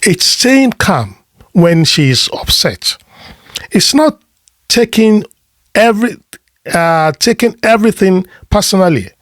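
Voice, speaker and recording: Slow, emphatic male advice coach. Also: high-pitched, sing-song, fairly bright tone, no echo, clean studio sound. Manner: deliberate, emphatic short phrases with rhetorical questions; repeats words when he restarts a thought. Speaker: relationship coach. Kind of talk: motivational advice talk.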